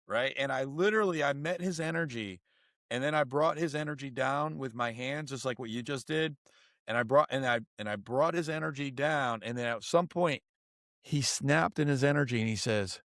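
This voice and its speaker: Middle-aged male coach, energetic instructive delivery, mid pitch, dry close mic. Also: a little fast, dry recording. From United States. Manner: energetic, instructive, tells stories. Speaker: guest author and coach. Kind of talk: podcast interview, teaching.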